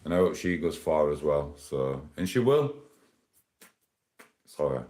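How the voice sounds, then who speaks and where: A man with a very deep, low voice talks to his viewers on a live stream. He rambles casually and laughs often. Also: very animated, measured pace, darkish tone. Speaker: livestreamer.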